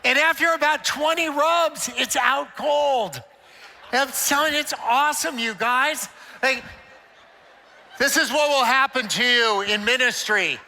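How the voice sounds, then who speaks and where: An older conference speaker jokes and tells playful stories as he inspires church leaders in a large hall with long reverb. His very high voice is sharp-toned with vocal fry, and he takes his time.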